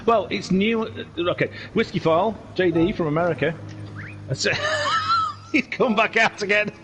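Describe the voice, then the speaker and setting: A man's voice: high-pitched, moderate pace, fairly bright tone, soft background music, poor audio. A man giving casual, jokey commentary on a racing game, with rambling, self-mocking asides. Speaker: race commentator. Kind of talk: casual race commentary over game footage.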